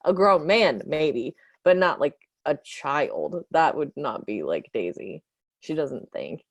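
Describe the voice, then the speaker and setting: A woman with a notably low voice plays a tabletop horror game, talking through her character in a loose, rambling way, full of fillers. The sound is dry and close. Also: animated, slow, no echo. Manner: rambling, filler-heavy, casual. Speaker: player. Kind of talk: tabletop role-play, describing her character.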